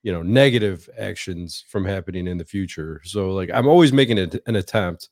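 Man, fairly low voice, hesitant and reflective, dry close sound. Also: fairly quick, a little mellow, no echo. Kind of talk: casual chat.

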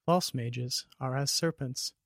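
A man voicing a blank-faced female ghost guarding a door, speaking in a slow, flat, repetitive way. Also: mid-range voice, vocal fry, no echo, studio quality.

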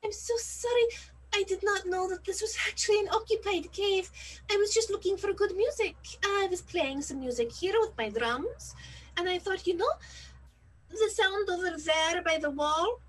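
A woman player speaking in character, apologetic and halting. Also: extremely high pitch, poor audio. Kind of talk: in-character tabletop play.

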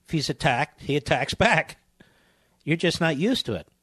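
Man, talk radio host, combative, scornful, higher-pitched voice, dry close sound. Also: expressive, moderate pace, a bit bright, slightly rough, dry recording. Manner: scornful, hammering repetition, insults opponents.

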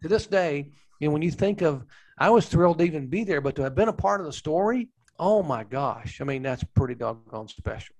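A man's voice: a little high, lively intonation, a little fast, a little mellow, rough recording. An older man co-hosting a racing talk show, telling a behind-the-scenes story earnestly and acting out what others said. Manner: earnest storyteller who acts out quotes. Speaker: racing show co-host and former pit reporter. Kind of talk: anecdotal storytelling.

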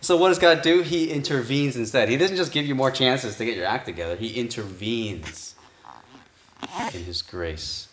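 A man's voice: medium pitch, moderate pace, fairly bright tone. A man preaching a conversational sermon as pastor. He thinks aloud and keeps asking his listeners rhetorical questions. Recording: echoey room.

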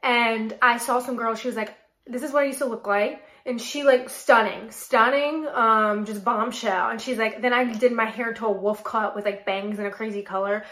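A woman in her late twenties from North Carolina, hosting a podcast and telling a story in a chatty, animated way full of "like". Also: fairly high pitch, moderate pace, roomy sound. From North Carolina, USA. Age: late 20s. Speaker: podcast host and model. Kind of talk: casual solo chat.

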